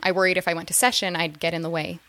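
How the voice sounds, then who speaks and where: A woman's voice: lowish voice, level tone, racing, a bit bright, close to an everyday voice. An actress playing a chatty young mother in an audio drama who talks with nervous little laughs. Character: eager young mother, psychology graduate.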